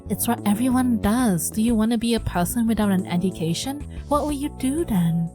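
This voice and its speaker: A woman's voice: fairly high pitch, brisk, warm tone, soft background music, lightly acted. A woman voicing a strict middle-aged mother in a story game, reading her lines in a lecturing, nagging way. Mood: stern.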